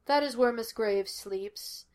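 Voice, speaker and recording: A very old butler speaking in a slow, hushed, formal way, as a woman reads him aloud. The voice stays fairly high and quiet. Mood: solemn. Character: very old, solemn male butler.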